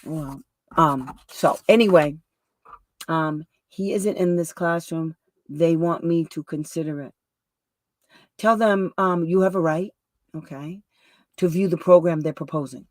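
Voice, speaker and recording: A woman's voice: deep voice, unhurried, pauses often, no echo. Chatty, rambling woman advocate, dry sound. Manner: chatty and rambling, with asides, restarts and laughs. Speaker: special education advocate and show host. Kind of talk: casual storytelling livestream talk.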